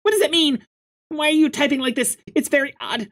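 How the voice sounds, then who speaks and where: A man voicing an excitable young female alien troll in a bubbly, rushed high voice while reading a webcomic aloud. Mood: alarmed, curious.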